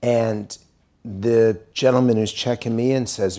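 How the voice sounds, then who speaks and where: A middle-aged American man giving a speech to a university audience, telling a story in an earnest way and dropping quiet and grave at serious points. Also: mid-range voice, steady tone, measured pace. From United States. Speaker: pollster giving a talk.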